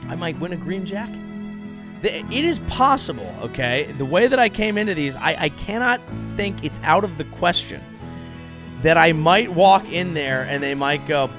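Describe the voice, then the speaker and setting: A man's voice: a little high, lively intonation, moderate pace, music in the background. A male comedian hosting a podcast, delivering a sarcastic, rambling monologue full of restarts and mock-grand declarations. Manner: sarcastic, rambling, self-interrupting.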